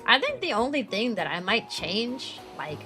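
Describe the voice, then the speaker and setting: A woman's voice: fairly high pitch, big pitch swings, a little slow, bright, forceful tone, soft background music. A young adult woman streaming as a VTuber, chatting casually with viewers, filling her talk with "like" and laughing often.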